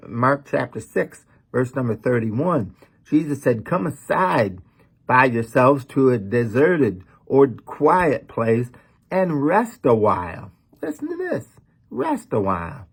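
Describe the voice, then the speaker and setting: A man's voice: medium pitch, gravelly, breathy edge. A middle-aged man preaching a sermon as a pastor, talking in a folksy, conversational way with lots of "man" and "you know.".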